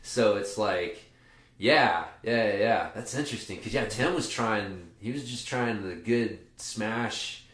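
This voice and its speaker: A man's voice: on the low side, measured pace, a bit bright, reverberant. A man hosting a casual podcast, talking at length in a rambling, profane way with many restarts. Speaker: podcast host and jiu-jitsu coach. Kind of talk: casual chat.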